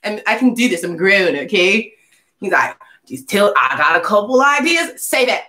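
A young woman telling a casual storytime vlog, animated and slangy, acting out the voices of people in her story. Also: mid-range voice, normal speed. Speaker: singer vlogging a story. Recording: echoey room.

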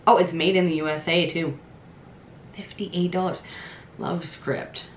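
A woman vlogger chatting excitedly as she unboxes beauty products, thinking out loud. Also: on the low side, unhurried. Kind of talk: casual unboxing chat. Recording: echoey room.

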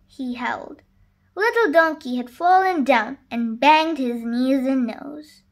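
A woman gently reading a children's picture book aloud as the channel's storybook reader. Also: high-pitched. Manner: slow, gentle read-aloud.

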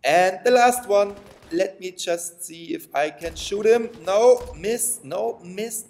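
A man giving playful, excitable commentary over a game, taunting his opponents and laughing often. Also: sits high, takes it slowly. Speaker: gaming commentator. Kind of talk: excitable let's-play commentary.

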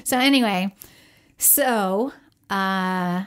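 A woman co-hosting a parenting podcast, telling a personal story in casual chat, animated and laughing often as she talks. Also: medium pitch, extremely slow, smooth. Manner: animated storyteller who acts out quoted voices.

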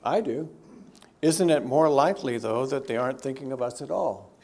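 A man's voice: normal speed, vocal fry. Man giving a conversational church teaching. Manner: conversational, swings between lifted emphasis and quiet, low asides. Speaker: theologian teaching a church session. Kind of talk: teaching talk to a church group. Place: church gathering.

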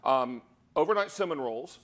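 A man's voice: mid-range voice, lively intonation, normal speed, a bit bright. A man hosting a live TV shopping cooking demo, with upbeat, salesy patter. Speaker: shopping channel host.

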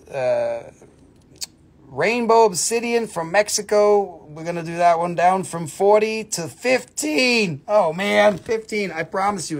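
Guy on a live sale stream, slightly high voice, chatty, quick with the prices, playful little asides. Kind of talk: casual live-stream selling. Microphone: phone camera.

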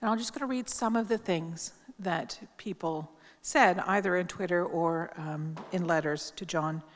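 Middle-aged woman, journalist, at the podium for a tribute speech; candid, wry, loose and conversational, fairly low voice, echoing hall. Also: moderate pace. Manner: candid, wry, chatty with frequent ums. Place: large hall at a public event. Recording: long hall reverb.

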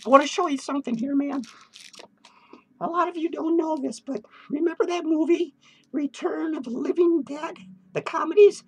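A man playing an unhinged, foul-mouthed clown who rants in a high, shrill voice with cackling laughs, tipsy and hyper, in a comedic character vlog. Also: normal speed. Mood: manic ranting. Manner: crude swearing rants, giddy and drifting. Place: home studio.

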